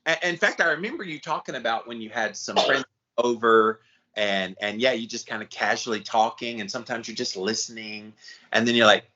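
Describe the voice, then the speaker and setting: A man co-hosting a podcast in casual chat, telling stories in an animated way. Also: medium pitch, brisk, dull audio. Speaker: podcast co-host.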